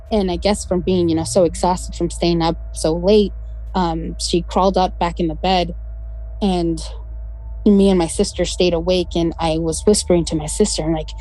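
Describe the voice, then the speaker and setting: A woman's voice: lowish voice, rough recording. A woman telling a childhood ghost story in casual conversational speech, acting out the voices of the people she quotes. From West London. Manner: animated, acts out quoted voices. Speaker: guest storyteller.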